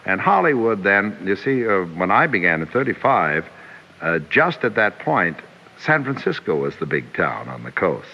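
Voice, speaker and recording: An older male actor reminiscing in an interview, rambling and hesitant with many pauses. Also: deep voice, sing-song, breathy edge. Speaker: actor guest. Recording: dull radio recording with faint hiss.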